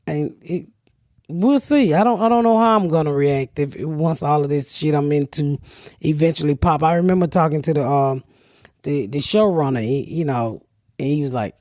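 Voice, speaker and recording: A woman's voice: deep voice, normal speed, no room sound. A brash middle-aged woman spinning stories on a comedy podcast, swearing freely and jumping into other people's voices as she quotes them. The sound is close and dry, with no room around it. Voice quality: loud, profane, animated storyteller who acts out quotes. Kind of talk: casual podcast chat.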